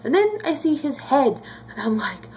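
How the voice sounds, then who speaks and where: A chatty, emotional young woman speaks casually to her camera in a reaction vlog. Her voice sits a little high, and a faint hum runs under it. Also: sing-song, moderate pace, a little mellow. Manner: chatty and emotional, lots of fillers. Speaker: vlogger.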